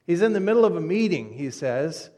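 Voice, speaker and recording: Pastor preaching in a reverberant church. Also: male voice, on the high side, big pitch swings, a little fast. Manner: conversational storytelling, voice drops soft at phrase ends. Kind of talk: sermon. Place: church sanctuary. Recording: long reverb of a church hall.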